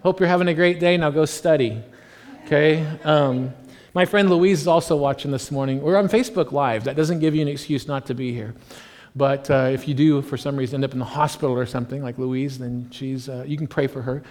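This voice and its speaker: This American man in his forties is a pastor giving a rambling, humorous sermon full of fillers and side remarks. His mid-range, darkish voice moves a little fast with fairly even intonation, echoing with long reverb in a church hall.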